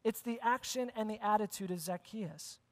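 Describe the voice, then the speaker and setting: Preaching at a moderate pace in a high voice, the pastor keeps his sermon conversational, asking the congregation questions and circling back to key phrases. The sanctuary's long reverb fills the recording.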